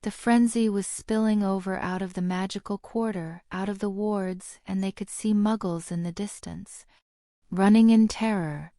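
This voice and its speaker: A woman reads a fantasy audiobook aloud in a steady storytelling way. Her voice is mellow and dark-toned, recorded dry and close with no room sound. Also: medium pitch, moderate pace, no room sound. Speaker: audiobook narrator. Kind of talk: scripted narration.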